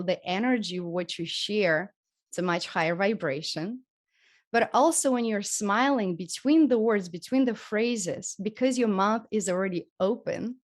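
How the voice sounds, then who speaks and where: Gentle European woman teaching healing. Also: medium pitch. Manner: gentle, encouraging, demonstrates voice techniques. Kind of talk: live group workshop teaching.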